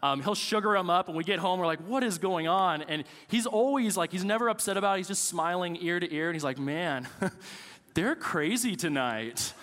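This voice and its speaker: A man's voice: high voice, fast, hardly any pauses, a bit bright, big-room sound. A man in his thirties, a pastor preaching a sermon with casual, joking stories about family life.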